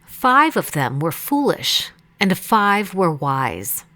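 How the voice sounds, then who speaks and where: A woman reading Bible passages aloud in a measured, deliberate way. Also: lowish voice, very animated, bright, forceful tone. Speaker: Bible reader. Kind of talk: scripted scripture reading.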